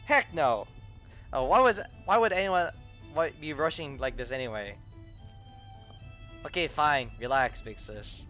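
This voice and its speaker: A brash young woman soldier, voiced by a man, grumbles bluntly at everyone around her. Her voice is bright, and the recording is dull and lo-fi with a little music underneath. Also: mid-range voice, lively intonation, unhurried, long pauses. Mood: grumbling.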